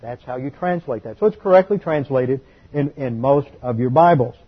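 A man giving a Bible study lecture, explaining patiently and slowing down to stress key words. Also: medium pitch, lively intonation, breathy edge, dull audio. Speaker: Bible teacher.

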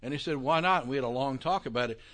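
A man lecturing on Bible interpretation in a conversational, emphatic way, with quick asides. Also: mid-range voice.

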